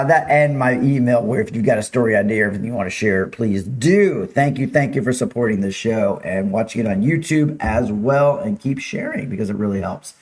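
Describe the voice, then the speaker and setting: A man's voice: mid-range voice, a little mellow. A man hosting a casual live-streamed local news show, chatting with viewers and talking over slides. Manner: chatty, upbeat, reads viewer names and slides aloud.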